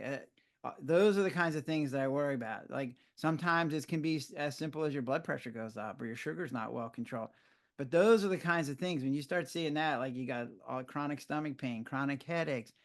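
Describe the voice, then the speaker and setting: Animated older man telling stories. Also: on the high side, normal speed, gravelly. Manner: animated storyteller who acts out his own reactions. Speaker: physician guest. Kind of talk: conversational interview.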